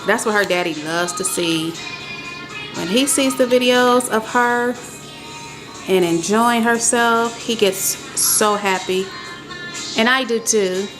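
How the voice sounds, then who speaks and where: A woman's voice: on the high side, slow pace. A young woman chatting casually to her viewers in a home vlog, recorded in her kitchen. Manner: chatty, talks straight to viewers, says "y'all" often. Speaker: vlogger, stay-at-home mom. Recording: echoey room with loud background music.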